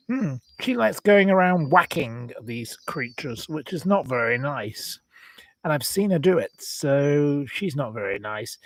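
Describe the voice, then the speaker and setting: A man hosting a casual livestream talk, indignant and rambling as he jumps from complaint to apology. His voice sits a little high, and the recording is close and dry. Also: vocal fry, no echo. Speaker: channel host. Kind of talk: ranting livestream chat.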